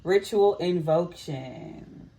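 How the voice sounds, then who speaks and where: A woman talks her viewers through a tarot spread in a relaxed, musing way, often thinking aloud with "I feel like". Her voice sits somewhat low for a woman. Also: slow. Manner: chatty, musing, frequent "I feel like". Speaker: tarot reader. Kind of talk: casual psychic reading to camera.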